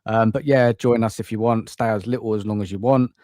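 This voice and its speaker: A man's voice: lowish voice, steady tone, brisk, darkish tone, dry recording, clean studio sound. A man hosting a live stream, laid-back and friendly. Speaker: host.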